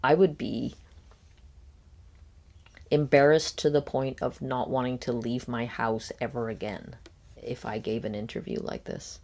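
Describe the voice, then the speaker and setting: A woman with a low voice talks through a reaction commentary, pausing often with ums. She is critical and speculative, weighing each point as she goes. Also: fairly even intonation, creaky, darkish tone. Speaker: commentary host. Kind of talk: reaction commentary on a podcast clip.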